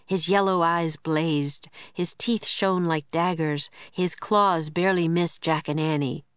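A woman narrating a children's audiobook in a slow, clear storytelling manner, close to the mic. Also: deep voice, steady tone, no echo.

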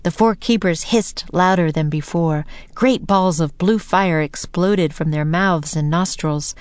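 A woman narrating a children's audiobook in a slow, deliberate reading voice. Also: lowish voice, darkish tone, clear, resonant tone, dry recording.

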